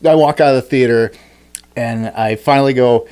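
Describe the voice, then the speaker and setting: A man hosting a podcast, telling a story in a rambling, animated way, with many restarts and fillers. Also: medium pitch, normal speed, clean tone. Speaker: podcast host. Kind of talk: casual chat.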